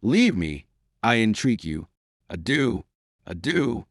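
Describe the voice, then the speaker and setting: A man's voice: fairly low pitch, sing-song, slow pace, no room sound, clean studio sound, exaggerated voice. A man voicing a heartbroken young nobleman who speaks with grave, earnest dignity in an audiobook.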